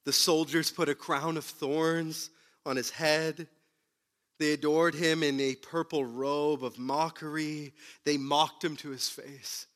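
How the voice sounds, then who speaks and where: A man preaching a sermon who retells the story dramatically, moving between loud bursts and hushed, low passages. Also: little pitch movement, slow. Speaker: pastor.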